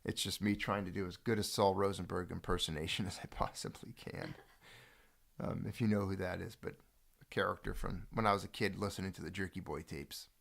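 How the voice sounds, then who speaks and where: A man's voice: low voice, fairly even intonation, fairly quick, vocal fry, fairly bright tone. A man hosting his channel's livestream, chatting casually and rambling with many restarts. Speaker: channel host.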